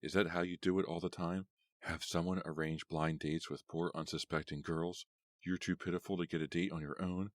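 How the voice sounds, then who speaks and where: A man with a very deep voice reading a scornful, sharp-tongued young female vampire in an audiobook. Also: level tone, moderate pace, dry recording, lightly acted. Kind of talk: audiobook character voice.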